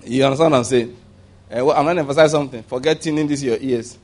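A man preaching a sermon in a humorous, conversational way. He chuckles at his own jokes and jumps up in pitch to stress a point. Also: fast. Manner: animated, jumping up in pitch for emphasis.

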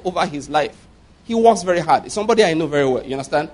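A Nigerian pastor in his fifties preaches a sermon emphatically, repeatedly asking the congregation whether they're following him. His voice is fairly high and a little mellow, with lively intonation and a very fast pace.

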